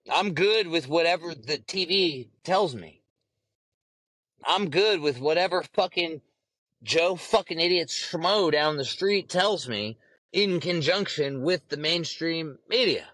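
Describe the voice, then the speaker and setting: Male host, heated profane rant, a bit high-pitched, dry close sound. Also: animated, measured pace, a bit bright, no echo. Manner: heated, profane, emphatic, repeats phrases. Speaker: podcast host.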